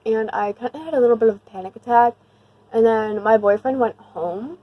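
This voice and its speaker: A young woman telling a storytime on her vlog in a slangy, rambling way full of "like", animated and emphatic. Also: on the high side, a little fast, no echo, muffled recording. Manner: slangy, rambling, heavy use of "like"; animated and emphatic when retelling the scary part. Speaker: vlogger. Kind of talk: casual storytime.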